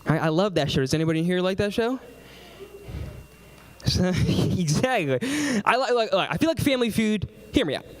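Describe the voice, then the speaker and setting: A young man performing stand-up comedy and working the crowd, animated and laughing often between lines. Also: sits high, moderate pace. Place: stage before a live audience.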